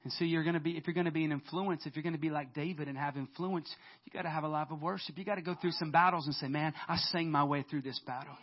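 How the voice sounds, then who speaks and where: A man with a high voice preaches a sermon, chatty and animated, swinging from soft asides to loud bursts. The recording is dull and lo-fi. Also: very fast, hardly any pauses. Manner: animated, conversational preaching with laughs and sudden loud peaks. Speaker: pastor.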